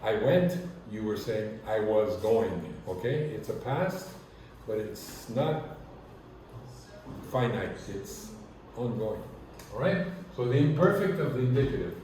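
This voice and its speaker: A man's voice: on the low side, big pitch swings, slow pace, a little mellow, slight background noise. A man teaching a language lesson, speaking patiently and checking in often with his students. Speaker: Spanish teacher. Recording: echoey room from far off.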